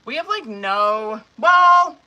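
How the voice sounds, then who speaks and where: A woman's voice: on the high side, animated, slow, pushed and bright, highs cut off, a little hiss or hum. A young woman, a tarot reader, chatting casually with her live-stream viewers, laughing often and swearing freely.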